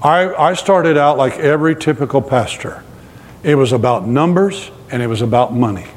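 A pastor preaches a sermon from the pulpit to a live congregation, telling humorous, self-deprecating stories and repeatedly posing questions to the crowd. His voice is middle-pitched at a moderate pace, and a large hall leaves a long reverb tail.

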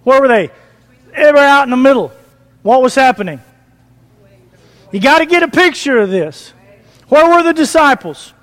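A man preaching a sermon, animated, asking the congregation questions as he retells a passage. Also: very high-pitched, moderate pace, pauses often. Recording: long reverb of a church hall.

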